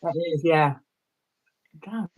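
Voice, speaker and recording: A soft-spoken woman from the UK joins a stream as a guest and chats thoughtfully while she paints. Her voice sits on the lower side and she speaks in an easy, unhurried way. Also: poor audio. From United Kingdom. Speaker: guest artist. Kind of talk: casual chat while painting.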